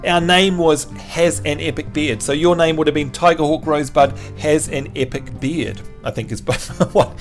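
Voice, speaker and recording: A man's voice: on the high side, normal speed, few pauses, faint music behind. A man from New Zealand with a Kiwi accent tinged with Australian, commenting on a card game while chatting with viewers. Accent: New Zealand with some Australian. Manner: lively, chatty, rises when excited. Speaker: streamer. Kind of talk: game stream commentary with chat.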